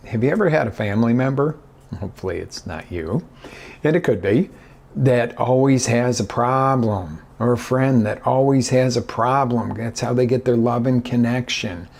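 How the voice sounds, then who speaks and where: A man's voice: medium pitch, creaky. A man talking as a motivational life coach in a live video, acting out little scenes with big jumps in his voice. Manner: animated, acts out scenarios with big voice inflections. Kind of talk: motivational talk.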